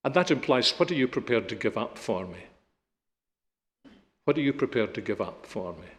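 A middle-aged man preaching a sermon, emphatic, rising to loud peaks and dropping to quiet, slow stresses. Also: expressive. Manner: emphatic, building to loud peaks then dropping low and soft. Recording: long hall reverb.

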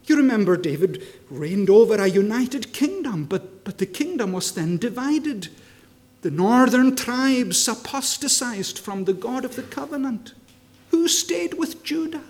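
A man preaching a sermon with passion, asking rhetorical questions and moving between hushed lines and ringing declarations. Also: high-pitched. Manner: impassioned, swinging from hushed to ringing. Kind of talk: expository sermon.

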